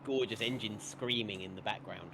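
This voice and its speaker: A man's voice: lowish voice, normal speed, background noise. A man doing casual, teasing live commentary and banter on a sim race. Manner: playful, teasing, jokey.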